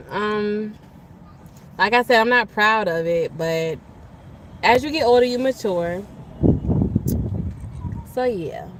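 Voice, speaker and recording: Out walking, a young woman livestreams in a relaxed, slangy style, eating as she talks, laughing a lot and reading viewer comments. Her mid-range voice is a bit bright, she speaks slowly with long pauses, and there's slight background noise.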